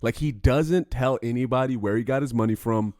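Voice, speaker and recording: A young man co-hosting a podcast in casual chat, telling stories in an animated, profane way. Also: medium pitch, a little fast, no echo, studio quality. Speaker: podcast co-host.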